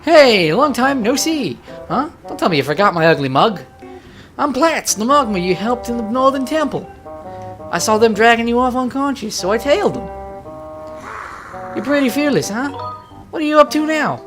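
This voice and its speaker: A woman's voice: fairly high pitch, expressive, moderate pace, music in the background, pitched above the performer's own voice, lightly acted. A woman doing a brash New York mole guy. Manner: brash, chummy, calls listener pal. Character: cocky streetwise male mole creature, friendly thief.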